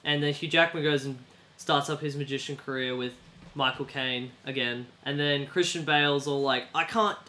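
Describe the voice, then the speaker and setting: A young man with a slightly high, bright and forceful voice chats casually, rambling through a story. He keeps slipping into goofy put-on voices for the characters. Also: fairly even intonation, normal speed. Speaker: podcast co-host. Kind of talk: casual chat.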